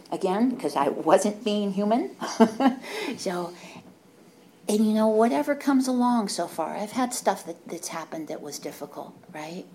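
A woman's voice: medium pitch, dark tone, a little hiss or hum. A woman giving a candid, rambling personal testimony at a recovery meeting, often tagging on "right?" and correcting herself mid-sentence. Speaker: speaker sharing recovery story.

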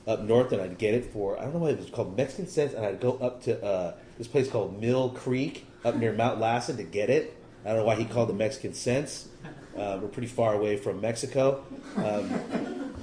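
A man's voice: lowish voice, a little mellow, a little hiss or hum. Rambling middle-aged man in an echoey room. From California. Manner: rambling, self-deprecating, wry humor. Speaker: recovery meeting speaker. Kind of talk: personal testimony talk.

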